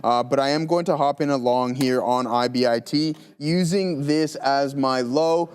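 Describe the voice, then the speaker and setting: A man co-hosting a live trading show, calmly explaining his trades as he makes them. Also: medium pitch, a little slow, clean tone. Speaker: trader co-host.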